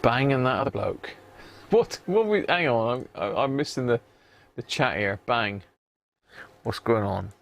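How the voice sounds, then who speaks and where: A man's voice: mid-range voice, measured pace, creaky, a bit bright. A man chatting casually on a live stream while he repairs a radio in his home workshop, rambling and muttering to himself as he works.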